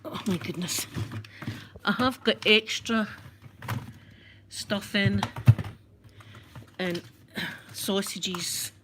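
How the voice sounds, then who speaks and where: A Scottish woman vlogger chatting casually with her viewers, talkative and quick to laugh at herself. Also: mid-range voice, noisy background. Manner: chatty, laughs often, self-mocking. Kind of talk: casual live-stream chat.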